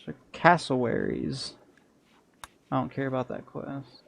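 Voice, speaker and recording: A man's voice: mid-range voice, a little slow, vocal fry, slight background noise. A man streaming a strategy game, muttering through his plans and chatting bluntly to viewers with crude humor. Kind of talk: casual gameplay commentary.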